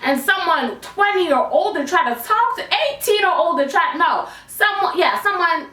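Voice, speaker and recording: A woman's voice: very high-pitched, moderate pace. A young adult woman telling a storytime tale from her bedroom, in a playful, slangy, conversational way. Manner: animated, playful and conversational, with a raised on-camera voice. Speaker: YouTuber telling a personal story. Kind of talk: storytime vlog, casual slangy chat. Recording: echoey room, mic at a distance.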